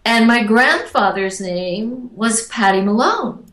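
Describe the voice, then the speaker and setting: A woman, an interview guest, telling personal stories in a casual, animated way and acting out the voices of the people she quotes. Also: fairly high pitch, slow. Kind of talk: casual storytelling. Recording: echoey room.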